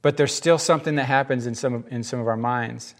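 A male pastor preaching in a loose, conversational way. He tells stories with energy, slipping into the voices of the people in them and stopping for quick asides to the congregation. His voice sits at an everyday middle pitch. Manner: lively storytelling, acts out the quotes he tells; casual, chatty preaching with asides. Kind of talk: sermon.

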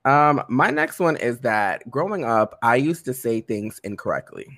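Animated man telling stories, dry sound. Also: medium pitch, moderate pace, dry recording. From Caribbean family. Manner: animated storyteller, acts out quotes. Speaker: podcast co-host. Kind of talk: casual chat.

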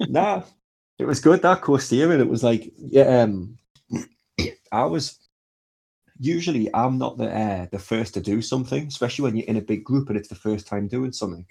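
A man's voice: mid-range voice, animated, normal speed, gravelly, a little mellow, breathy edge. A young man, telling a rambling story in casual chat and swearing freely.

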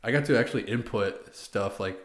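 A man's voice: on the low side, a little fast, roomy sound. A young man, a former Marine, telling service stories in a rambling casual way, full of "like" and acted-out quotes. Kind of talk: casual podcast storytelling.

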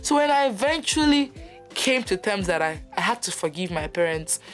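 A woman's voice: medium pitch, normal speed. Candid young woman podcaster, faint music. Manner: candid, animated, laughs often. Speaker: podcast host. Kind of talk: personal reflective monologue.

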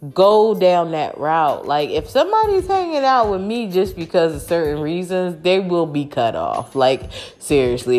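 A woman talking straight to camera in a frank, emphatic, casual monologue that has some swearing. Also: medium pitch.

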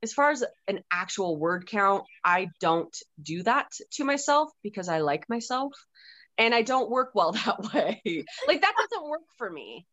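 A woman's voice: mid-range voice, measured pace, dry recording, lo-fi sound. Candid, profane woman author. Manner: candid and profane, with animated outbursts. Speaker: author and podcast guest. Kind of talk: casual podcast chat.

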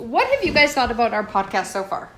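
A woman's voice: a little high, wildly swooping pitch, fast talker, a crowd in the background. A woman co-hosting a podcast, chatting casually and asking her guests questions. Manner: easygoing, asks questions. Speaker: podcast co-host. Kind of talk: casual chat.

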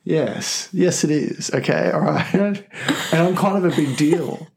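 A man's voice: a little high, a little slow, gravelly, a little mellow, slightly rough. Teasing man hosting a podcast. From Australia. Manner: mock-bossy, teasing, self-important joking. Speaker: podcast host. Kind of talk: casual comedic podcast banter.

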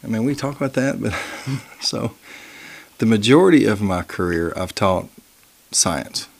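A middle-aged man with a lowish, gravelly voice talks as a podcast guest. He is easygoing and jokey, telling stories in a loose, rambling way. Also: lively intonation, unhurried. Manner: easygoing, joking, loose storytelling. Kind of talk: casual chat.

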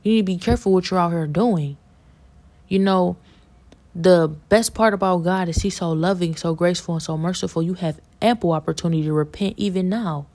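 A woman's voice: on the low side, a little fast, mellow. A woman giving a fervent, preachy religious testimony as a podcast guest, repeating herself as she urges listeners.

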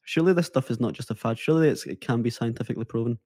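A man's voice: mid-range voice, rapid-fire, dark tone, no echo, clean studio sound. A man hosting a podcast interview, asking eager, friendly questions in a casual way. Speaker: podcast host.

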